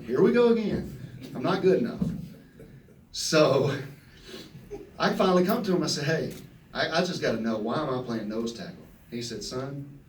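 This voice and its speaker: A man, telling folksy, animated stories at a press conference and acting out the quotes. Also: mid-range voice, a little hiss or hum. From Texas. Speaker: retiring football player at press conference. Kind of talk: storytelling speech. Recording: roomy echo from a distant mic.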